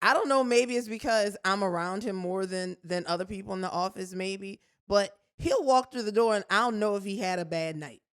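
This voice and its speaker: A woman co-hosting a podcast, telling a story in a lively way and acting out her own reactions. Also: medium pitch, moderate pace, few pauses, clear, resonant tone. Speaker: podcast co-host. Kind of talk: casual chat.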